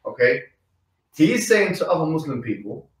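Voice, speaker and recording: Man, high-ish voice, insistent, debate host, echoey room, away from the mic. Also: sing-song, normal speed, recorded from a distance. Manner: insistent, repeats himself. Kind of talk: live online debate.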